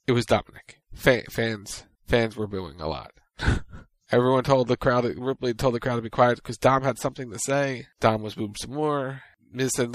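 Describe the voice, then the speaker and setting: A man co-hosting a casual chat, summarizing events at a brisk, easygoing pace. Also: mid-range voice, dry recording. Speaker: podcast co-host recapping wrestling.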